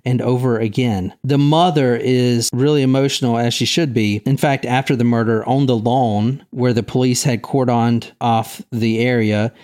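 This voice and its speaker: A man's voice: mid-range voice, steady tone, normal speed, hardly any pauses, darkish tone. A man in an ordinary middle register hosts a true-crime podcast in loose, casual talk. He is blunt and swears freely, restarting sentences as he works through his thoughts aloud. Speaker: podcast host.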